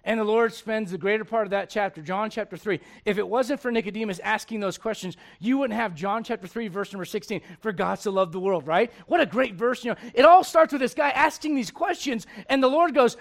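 High-voiced man preaching with humor. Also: fairly quick. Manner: humorous, conversational, swings from loud to hushed. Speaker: pastor. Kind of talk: sermon.

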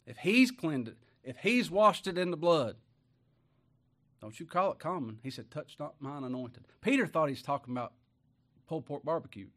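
A man with a drawl delivers a sermon in an easygoing, folksy manner. He keeps turning to his listeners with quick rhetorical questions, and his voice sits a little high for a man. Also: big pitch swings, fairly bright tone. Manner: folksy, asks the congregation many rhetorical questions. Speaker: preacher.

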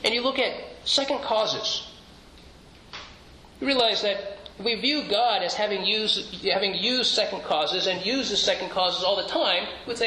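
Unhurried and high-voiced, a pastor preaches with a bright, forceful tone. His manner is earnest and conversational, full of rhetorical questions and phrases he begins again. It's captured in an echoey church sanctuary with a little faint noise.

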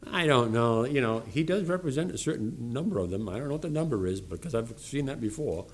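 A man who is a pastor, preaching a sermon in a church and swinging between loud emphasis and low, mocking asides. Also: animated, brisk.

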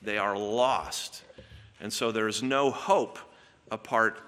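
A man's voice: on the low side, slow, fairly bright tone, big-room sound. A man preaching an expository sermon as a pastor, earnest and emphatic, often repeating words as he builds a point.

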